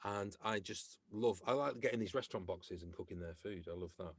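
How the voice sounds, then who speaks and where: A man's voice: on the low side, a little fast, husky, dry recording. A middle-aged man from England, a comedian and actor, chatting as a podcast guest and acting out the people in his stories. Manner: lively storyteller who acts out quoted voices. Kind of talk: casual anecdotal chat.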